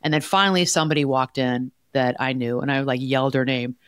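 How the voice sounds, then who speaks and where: A woman's voice: extremely low pitch, quick pace, clear, resonant tone, no room sound. Emphatic woman coach, dry close sound. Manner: animated storyteller, emphatic and direct. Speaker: life coach and co-host. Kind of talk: podcast advice talk.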